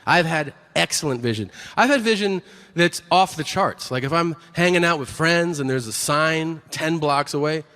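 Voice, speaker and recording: Brash, profane middle-aged stand-up comedian. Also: male voice, on the high side, moderate pace, long reverb tail. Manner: brash, profane, animated storytelling.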